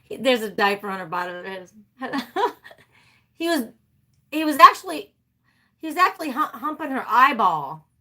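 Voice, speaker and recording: A woman hosts a casual livestream and chats animatedly with her viewers. Her voice sits a little high and sounds bright and sharp. She talks freely and breaks into laughter often. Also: very animated, moderate pace, pauses often. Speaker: livestream host.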